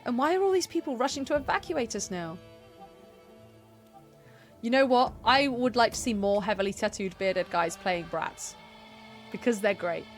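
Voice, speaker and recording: A chatty woman with a fairly high voice gives casual commentary while streaming a video game. She laughs easily and reads the on-screen text aloud as she goes. Soft music runs faintly underneath her. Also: expressive, moderate pace, long pauses.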